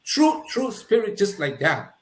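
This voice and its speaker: A man's voice: sits high, a little slow. Man with a Liberian accent telling a personal story. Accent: Liberian English. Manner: animated, acts out quoted dialogue. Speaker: guest telling his life story. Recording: roomy echoey room.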